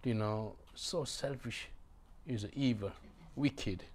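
Speaking slowly in a medium-pitched voice that is a little mellow and slightly rough, this man delivers a sermon in broken, non-native English. He hammers his points home with repetition and asks the congregation to respond.

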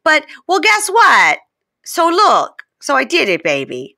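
A woman's voice: high-pitched, wildly swooping pitch, takes it slowly, vocal fry, pushed and bright, pitched above the performer's own voice, full character voice. A woman voicing a demanding young wife on reality TV, coaxing and pleading in a sing-song way.

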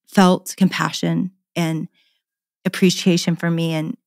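A woman's voice: on the low side, no echo, clean studio sound. A middle-aged woman, a podcast guest, candidly telling a personal story in an earnest, passionate way and often repeating words.

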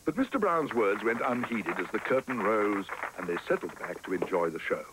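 A man narrating a storybook cartoon in a gentle, expressive reading style. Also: on the low side, moderate pace, noisy background.

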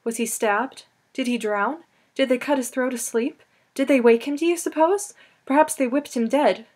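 A woman's voice: medium pitch, close to an everyday voice. A woman reading an audiobook voices a grief-stricken young woman, firing off frantic questions or speaking in restrained, numb tones. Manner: frantic rapid questions, then flat and restrained.

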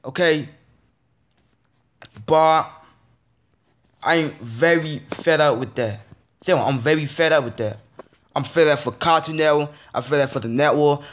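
Frustrated man ranting with stammering restarts. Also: a little high. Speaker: vlogger. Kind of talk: ranting casual monologue.

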